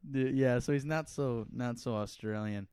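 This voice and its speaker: A man's voice: medium pitch, normal speed, darkish tone, clear, resonant tone, no room sound, studio quality. A young man co-hosting a podcast in loose, rambling casual chat, laughing often and dropping into silly accents. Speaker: podcast co-host.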